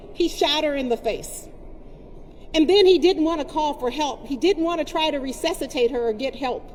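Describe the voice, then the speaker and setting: A woman speaks at a protest rally with an impassioned, storytelling delivery. Her voice sits high for a woman. The sound carries a long reverb tail with faint background ambience. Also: a little hiss or hum. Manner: impassioned, storytelling address to a crowd. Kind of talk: protest speech.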